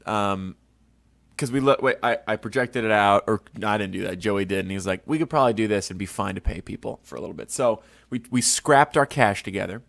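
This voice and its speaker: A man's voice: lowish voice, fairly quick, creaky, fairly bright tone, no room sound. A young man hosting a podcast from his home studio, telling rambling stories with crude, self-mocking jokes. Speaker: podcast host. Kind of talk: casual rambling monologue.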